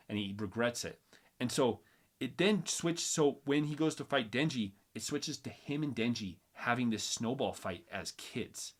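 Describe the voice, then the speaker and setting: Excitable man retelling a story. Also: lowish voice. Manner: animated retelling, acts out quotes, many restarts. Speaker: host. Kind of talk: casual chat.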